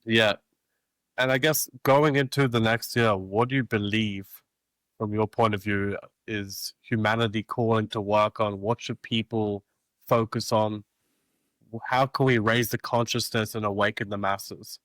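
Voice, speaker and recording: A man's voice: fairly low pitch, steady tone, measured pace, a bit bright, dry recording. A man hosting an interview who affirms his guest and asks reflective questions. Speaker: podcast host, interviewer. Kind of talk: conversational interview.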